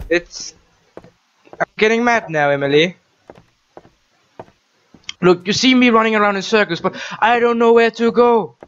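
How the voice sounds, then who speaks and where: High-voiced, jumpy gaming man. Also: a bit bright, highs cut off. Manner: jumpy, swearing, talking to the game character. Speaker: gaming channel host. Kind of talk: horror let's-play commentary.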